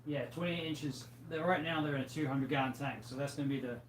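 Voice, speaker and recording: Man, livestream host, casual and chatty, tired, middle pitch, echoey room, faint hum behind. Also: fast. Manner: relaxed, chatty, reads out viewer comments. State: tired, yawning. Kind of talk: casual chat with viewers. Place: home room with fish tanks.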